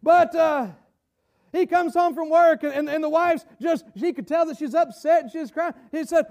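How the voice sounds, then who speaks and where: Pastor preaching, very high voice, repeats himself, builds up to shouting. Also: male voice, moderate pace. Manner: stumbles and repeats words, rising to shouts for emphasis. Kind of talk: sermon. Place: church sanctuary. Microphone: camera-recorded.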